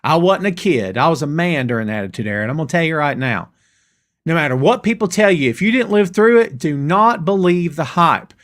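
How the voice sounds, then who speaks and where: Middle-aged male stream host, fairly high and very lively, casual ranting chat. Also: fairly quick. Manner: animated, ranting, addresses chat as "brother" and "dude". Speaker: host of a wrestling show. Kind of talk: live-stream rant reading chat comments.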